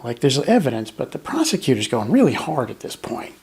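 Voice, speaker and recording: A man co-hosting a casual true-crime discussion, animated and acting out jurors in quick mock voices. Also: mid-range voice, vocal fry, husky. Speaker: podcast co-host.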